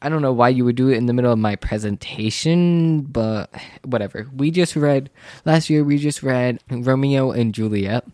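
A teenage male student telling a rambling, casual story, full of "like" and "literally," and growing animated when he feels wronged. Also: medium pitch, moderate pace, no echo, studio quality.

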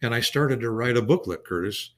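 A man's voice: medium pitch, fairly quick, fairly bright tone. A man teaching the Bible in a casual conversation, folksy and emphatic, often restarting his sentences.

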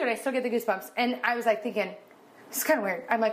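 A woman in her thirties co-hosts a podcast and tells a story in casual chat, speaking a little high and fast. She's animated, acting out dialogue in a raised voice, and becomes emotional, close to tears.

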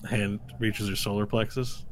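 A man's voice: on the low side, flat delivery, normal speed, a little hiss or hum. Casual man running a tabletop game. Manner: casual, rambling with fillers. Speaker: game master.

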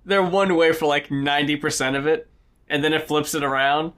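A man co-hosting a podcast, talking casually about songs, animated and quick to swear and laugh. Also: fairly high pitch. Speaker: podcast co-host. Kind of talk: casual album review chat.

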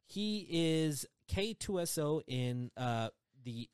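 A man hosting a podcast, chatting quickly and excitedly about entertainment news and laughing often. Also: on the high side, smooth, dry recording, clean studio sound. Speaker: podcast host.

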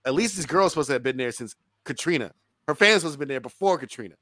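A man co-hosting a casual film review podcast, talking in an animated, profane way and laughing often. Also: fairly high pitch, very fast, no room sound.

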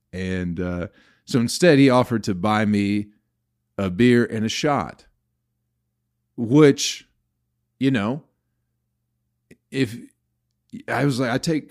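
A man's voice: on the low side, a little mellow. Profane rambling male comedian. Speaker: comedian podcast host. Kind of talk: rambling storytelling.

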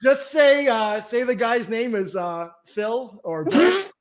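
A man's voice: very high-pitched, expressive, takes it slowly. Guy hosting a podcast, playful and jokey, tossing out questions. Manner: joking, playful. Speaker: podcast host. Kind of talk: casual interview chat.

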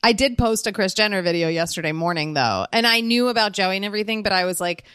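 A young woman chats on a podcast in a casual, emotional way, her laughter slipping through even the sad parts. Her voice sits in a middle register, and the recording is close and dry, with no room sound. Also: mid-range voice, quick pace, clean tone, no room sound. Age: 20s. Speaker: podcast co-host. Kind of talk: casual chat.

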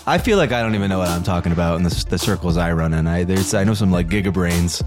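A man's voice: low voice, quick pace, music in the background. A man co-hosting a casual podcast as the crypto expert, ranting with many stammered restarts.

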